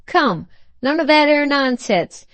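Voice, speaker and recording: A woman doing Sam Weller, a gruff cockney manservant. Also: high voice, lively intonation, slow, fairly bright tone, dry recording, pitched above the performer's own voice, exaggerated voice. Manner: gruff, threatening, dropped aitches and 'werry'.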